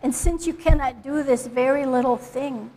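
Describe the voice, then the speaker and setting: A woman in church reading a Bible passage aloud slowly and deliberately. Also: high-pitched, warm tone, poor audio. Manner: slow and deliberate. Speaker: Scripture reader in church.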